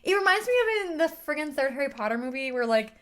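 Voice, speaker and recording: Reviewer: a woman, slightly high voice, ranting casually with lively exasperation. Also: fast. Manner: animated, exasperated, filler-heavy. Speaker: book and film reviewer. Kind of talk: casual rant to camera.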